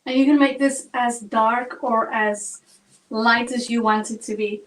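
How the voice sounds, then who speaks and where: A woman's voice: a little high, fairly even intonation, unhurried, fairly bright tone, low-quality recording. A woman from South Africa with a South African accent, chatting through a live acrylic painting tutorial step by step. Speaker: painting instructor.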